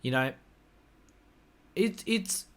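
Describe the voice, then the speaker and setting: A man's voice: medium pitch, animated, drawn-out words. A man talking casually to camera, giving opinionated, rambling takes on fights and swearing freely. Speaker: MMA commentary YouTuber.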